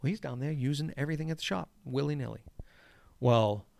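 A man telling a story in casual conversation. He swears often and acts out the lines he shouted. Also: mid-range voice, fairly quick, creaky, dry recording. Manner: profane, animated, acts out shouted quotes. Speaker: golf course superintendent.

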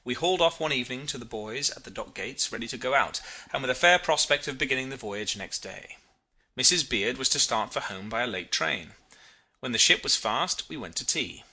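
A man narrating a literary story as an audiobook, in an expressive and reflective reading. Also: mid-range voice, a little fast, slightly rough.

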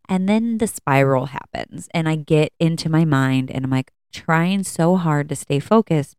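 Female podcast host, chatty and candid, low voice, smooth with some fry. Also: a little mellow, no room sound, studio quality. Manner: candid, chatty, with many fillers and restarts. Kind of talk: casual personal talk. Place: at home.

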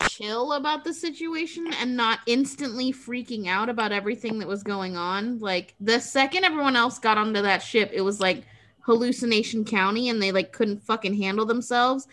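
A woman on a casual movie podcast, speaking loosely with lots of "like" and "um" and some swearing. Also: fairly high pitch. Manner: relaxed, profane, filler-heavy. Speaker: podcast panelist.

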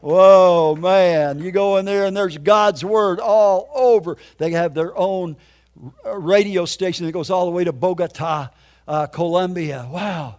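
A man's voice: high voice, a little slow, a little mellow. An older man preaching his testimony in an emphatic, folksy storytelling way. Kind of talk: sermon testimony.

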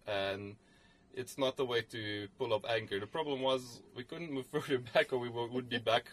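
A man's voice: mid-range voice, normal speed. Rambling man telling a sailing story. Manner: rambling, many fillers and restarts. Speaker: podcast co-host. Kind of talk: casual storytelling chat.

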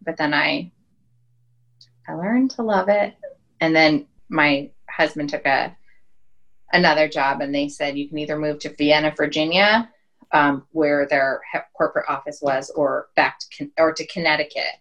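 Chatty woman with a low voice. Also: fairly even intonation, normal speed, fairly bright tone, muffled recording. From Wyoming. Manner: chatty storyteller, many "like" and "um" fillers. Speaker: podcast guest. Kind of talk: casual chat.

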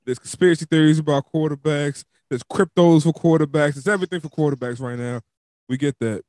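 A man's voice: fairly quick, darkish tone, no room sound, studio quality. A man hosting a casual sports podcast, chatty and loose, laughing and filling with "um" and "like". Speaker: podcast host. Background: dog squeaking a toy.

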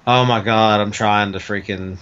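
Low-voiced man, slightly muffled recording. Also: fairly even intonation, moderate pace, a bit bright, smooth. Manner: easygoing, hedging, mild cursing. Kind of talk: casual gaming chat.

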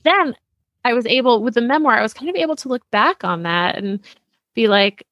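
A woman's voice: fairly high pitch, animated, brisk, fairly bright tone, dry recording, muffled recording. A woman being interviewed as a memoir author, speaking reflectively and casually with lots of "like". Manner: reflective, casual, uses "like" often.

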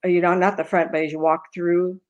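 An older woman in a casual chat, once a cemetery tour guide, explaining things plainly with lively interjections. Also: on the low side, quick pace, dull audio.

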